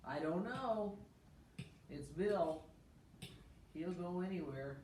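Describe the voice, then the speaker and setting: A woman's voice: on the low side, expressive, takes it slowly, darkish tone, a little hiss or hum. A woman pastor co-hosting a casual church livestream, chatting and eating on air. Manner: chatty, talks while eating. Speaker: pastor and co-host. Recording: echoey room, mic far off.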